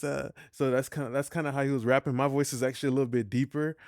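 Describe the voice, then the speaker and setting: Young man, smooth clear voice, dry close sound, slangy tutorial host. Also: mid-range voice, level tone, fast talker, few pauses, no echo. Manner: slangy, loose, peppered with "you feel me". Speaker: music mixing tutorial host. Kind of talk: casual tutorial talk.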